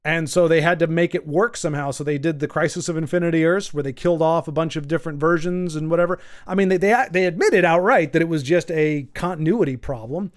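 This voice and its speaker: A man's voice: fairly high pitch, quick pace, few pauses. A man from the United States chatting casually on a livestream, rambling and teasing his viewers as he reads their chat. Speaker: streamer reading chat.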